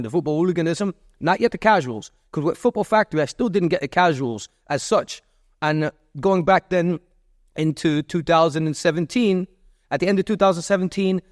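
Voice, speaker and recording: A man's voice: a little high, no room sound, studio quality. A man in his fifties from Miami, a podcast guest telling long stories in a loose, repetitive way with many restarts and fillers. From Miami, USA. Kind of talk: rambling interview storytelling.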